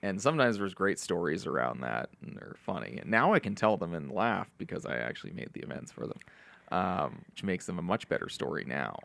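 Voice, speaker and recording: A man guesting on a podcast gives advice in a relaxed, meandering way, often restarting his sentences. His voice is very deep and heavily gravelly, yet his pitch moves with lively swings. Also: fairly quick, dry recording. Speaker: podcast guest, recovery mentor. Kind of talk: reflective conversational advice.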